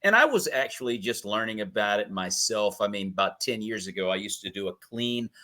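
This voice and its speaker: A man's voice: on the low side, animated, brisk, pushed and bright. A man hosting a casual interview, telling stories, laughing often and acting out quotes. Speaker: podcast host.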